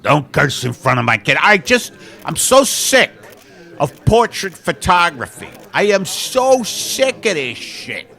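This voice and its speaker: A man's voice: fairly high pitch, sing-song, a little slow, gravelly, bright, forceful tone, full character voice. A man playing an exasperated, foul-mouthed male portrait photographer in an improvised sketch. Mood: fed up. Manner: exasperated, cursing, bossy.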